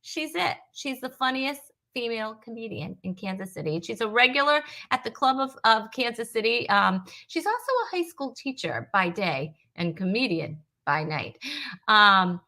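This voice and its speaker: A woman from Rhode Island hosts a live comedy web show in a casual, joking way. Her voice sits a little high and rings bright. She greets viewers by name and trails off into restarts and self-deprecating asides. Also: animated, moderate pace. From Rhode Island, USA. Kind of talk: casual live-stream chat.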